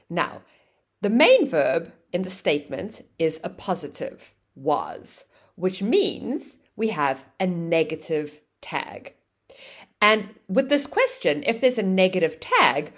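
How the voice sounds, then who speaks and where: In a fairly low, sing-song voice, a woman takes her time teaching an English grammar lesson. She explains clearly and acts out example phrases with exaggerated rising and falling intonation.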